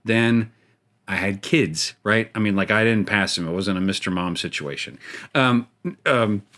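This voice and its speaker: Speaking at a measured pace, this middle-aged gaming show host has a lowish, slightly bright voice. He plays a game while casually spinning a rambling, self-deprecating story, frequently laughing at his own jokes.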